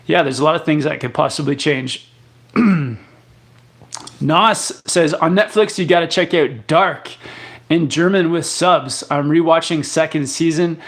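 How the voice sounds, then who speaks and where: This live chat host, a young Canadian with a slightly high voice, keeps a measured pace as he reads viewer comments aloud. He answers in a relaxed, meandering way, stumbling into fillers and fresh starts.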